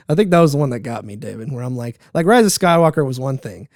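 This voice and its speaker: A young man co-hosting a casual podcast chat, telling stories with lively, acted-out reactions. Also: quick pace, no echo, clean studio sound. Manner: animated storyteller, acts out his own reactions with high squeals. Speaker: podcast co-host.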